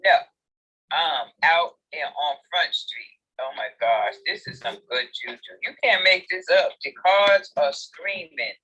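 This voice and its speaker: A man hosting a casual chat in an audio room, animated and exclamatory, laughing often as he talks. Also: a little high, a little slow, highs cut off, a little hiss or hum. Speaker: host.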